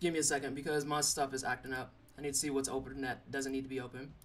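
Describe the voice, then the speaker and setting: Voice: medium pitch, level tone, quick pace, a little hiss or hum. A young adult streamer playing a game live, joking along and teasing the chat in a loose, chatty way. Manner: playful, chatty, teases chat. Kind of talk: casual live-stream commentary. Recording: slightly distant mic, faint game music.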